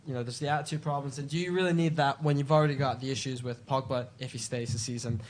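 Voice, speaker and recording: Mid-pitched man, opinionated casual football chat. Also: steady tone, fast talker. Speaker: panelist. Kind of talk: casual live-stream chat.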